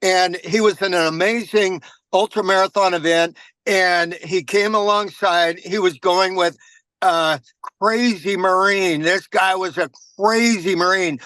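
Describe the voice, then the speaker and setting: A man shares takeaways in a team meeting, with an earnest, motivational storytelling manner. His voice sits high and sounds bright and forceful, and the recording is dry, with no room echo. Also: steady tone, measured pace. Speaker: meeting participant. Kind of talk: casual sharing in a team meeting.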